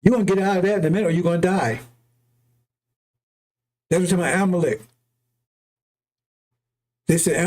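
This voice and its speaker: A man's voice: sits high, normal speed, long pauses, a little mellow. A man giving a heated, profane preaching monologue, often repeating himself and asking "right?" or "see?". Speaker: religious preacher. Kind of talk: impassioned unscripted preaching monologue.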